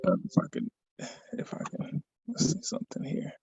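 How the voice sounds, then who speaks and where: A man's voice: normal speed, darkish tone, dry recording, highs cut off. A man giving a conversational motivational talk to an online audience, often repeating phrases and checking in with "right?".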